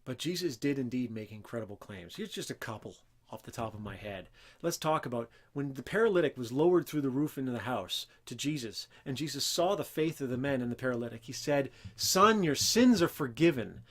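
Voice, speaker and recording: A man with a mid-range voice speaks briskly while hosting a Christian teaching show. He talks earnestly and emphatically without a script, and his voice rises whenever he quotes scripture.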